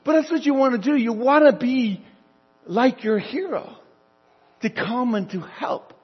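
Husky, high-voiced older male pastor. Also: a little slow, long reverb tail, lo-fi sound. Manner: storytelling, acting out dialogue. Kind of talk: sermon.

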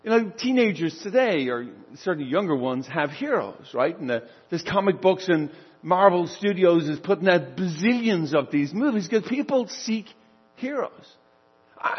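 Husky, high-voiced older male pastor. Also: animated, moderate pace, big-room sound, muffled recording. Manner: storytelling, acting out dialogue. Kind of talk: sermon.

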